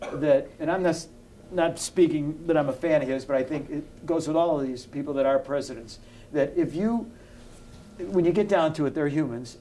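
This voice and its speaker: A man's voice: a little high, dark tone, slight background noise. A man in his sixties hosting a talk show, chatty and upbeat as he steers the conversation. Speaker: radio talk show host. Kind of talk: casual talk show chat.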